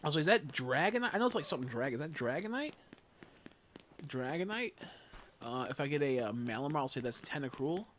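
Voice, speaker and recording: A man's voice: mid-range voice, lively intonation, fast, long pauses, a little hiss or hum. A young man streaming a game, chatting casually, rambling, giggling often and swearing freely. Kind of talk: casual livestream chat while gaming.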